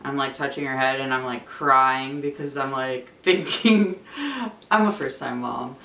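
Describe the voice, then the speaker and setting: Young woman, casual vlog storyteller, chatty with lots of fillers; bright tone, echoey room. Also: very deep voice, normal speed, creaky, recorded from a distance. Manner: chatty, fillers of "like", emotional retelling. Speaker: vlogger. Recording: echoey room, voice a bit off-mic.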